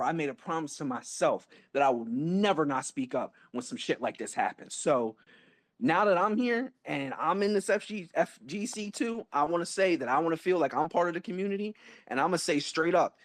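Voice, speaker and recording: A man's voice: a little high, no room sound. Impassioned, emphatic man in his thirties. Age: 30s. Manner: emphatic, profane and blunt, with repetition and restarts. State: emotional. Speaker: guest speaker. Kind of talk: impassioned talk in a live online audio room.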